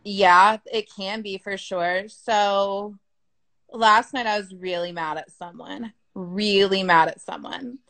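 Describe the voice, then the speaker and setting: A woman's voice: medium pitch, steady tone, takes it slowly, gravelly, a bit bright. A woman speaking in an easy, conversational way, full of filler words and the occasional swear word. She talks frankly and at length, the way one talks with a friend. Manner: frank, chatty, sprinkled with swearing and "like". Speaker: business coach being interviewed. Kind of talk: casual conversational interview.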